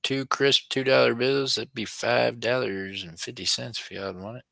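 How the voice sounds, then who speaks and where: A middle-aged man hosts a livestream auction in casual, chatty fashion, reading viewer comments aloud and chuckling often. His mid-range voice is gravelly, pushed, and bright, with a steady tone and moderate pace, and the rough recording has no echo.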